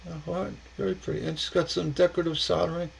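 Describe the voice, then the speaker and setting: A man's voice: on the high side, little pitch movement, fast talker, creaky, a little hiss or hum, rough recording. A man hosting a casual stained glass livestream, rambling and chuckling as he reacts to viewers' posts, often stammering and repeating words.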